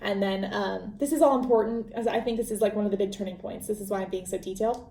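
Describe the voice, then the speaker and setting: Woman podcast host, mellow mid-pitched voice, chatty rambling story recap, echoey room. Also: steady tone, fast, gravelly. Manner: chatty, rambling retelling with fillers. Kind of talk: casual book recap. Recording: roomy echo.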